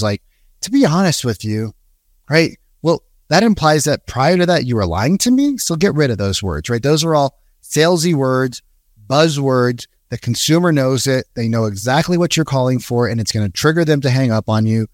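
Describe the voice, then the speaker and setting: A man coaching salespeople in a relaxed, conversational way, with a mid-range voice. He keeps checking in with "right?" and now and then slips into short sample calls. The sound is dry and close, with little room echo. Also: medium pitch. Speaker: sales trainer. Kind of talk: casual coaching talk.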